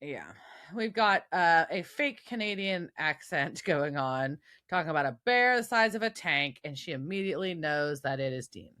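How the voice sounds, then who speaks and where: Woman cohost recapping an episode, lowish voice, lots of ups and downs, laughs a lot. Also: animated, moderate pace, pushed and bright. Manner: laughs often, recaps the plot in detail. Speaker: podcast co-host. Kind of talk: casual chat recapping an episode.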